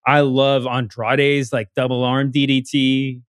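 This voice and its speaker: A man's voice: medium pitch, level tone, measured pace, smooth, no echo, studio quality. A man co-hosting a podcast in casual chat, rambling and cutting himself off with lots of fillers. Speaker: podcast co-host.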